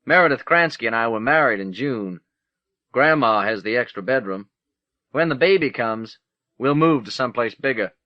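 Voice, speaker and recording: Man calmly reading on old tape. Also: mid-range voice, moderate pace, dry recording. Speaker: audiobook narrator. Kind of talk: first-person short story reading. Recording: dull, lo-fi 1980s cassette recording.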